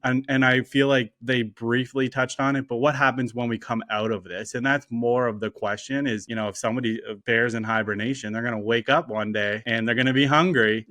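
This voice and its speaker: Man, podcast co-host, relaxed chat, laughs easily, bright tense tone. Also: mid-range voice, dry recording. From Canada. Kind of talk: casual chat.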